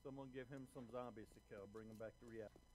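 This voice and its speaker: A man of middling pitch jokes and teases his friend during a game session. He comes through a voice-chat link, with clear noise hanging under his words. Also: fairly even intonation, fast, a little mellow. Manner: teasing, playful. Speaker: co-player on voice chat. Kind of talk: casual gaming chat. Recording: noisy voice-chat audio.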